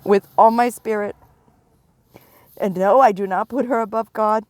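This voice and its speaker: A middle-aged woman giving a prophetic warning, stern and emphatic, pressing her points with slow repetition. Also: medium pitch, fairly even intonation, no echo. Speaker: self-described prophet.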